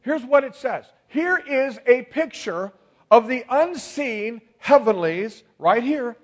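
A man's voice: extremely high pitch, lively intonation, takes it slowly. A male pastor preaching a sermon, emphatic and calling on the congregation to respond.

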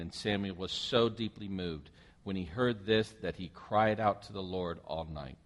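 A man's voice: low-pitched, unhurried. A man preaching a sermon, reading a scripture passage aloud and breaking off to comment on it and put questions to his listeners. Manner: animated, asks the listeners questions.

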